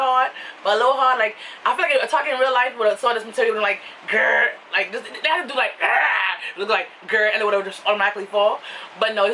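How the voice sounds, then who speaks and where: A young woman vlogger with a New York accent, talking casually and animatedly as she tells a story. Her voice is bright and a little high. She sounds somewhat far from the mic, with faint noise behind her. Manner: animated, laughing, swings into high excited quoted voices.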